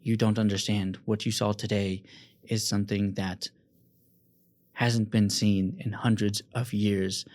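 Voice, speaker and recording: A man's voice: lowish voice, level tone, a little slow, darkish tone, natural voice. A man voicing a woman agent who pleads formally and earnestly with a lord. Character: earnest female spy pleading her case.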